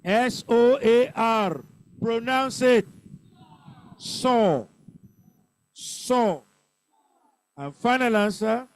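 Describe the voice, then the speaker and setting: An older man with a Nigerian accent teaching an exam revision class, calling out words and slowly drilling pronunciation and stress. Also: very high voice, clean tone. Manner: drills answers by call and repeat, stresses syllables slowly.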